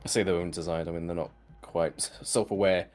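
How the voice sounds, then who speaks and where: A man's voice: sits low, steady tone, fairly quick, darkish tone, soft background music. Rambling casual man recapping a show. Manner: rambling, frequent fillers and swearing, laughs while retelling scenes. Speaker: podcast co-host. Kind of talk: casual chat recapping a cartoon episode.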